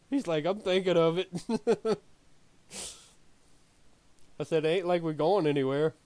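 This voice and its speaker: A man's voice: on the high side, measured pace, dark tone, no room sound. A man streaming, telling a story in a casual way, laughing often and swearing freely.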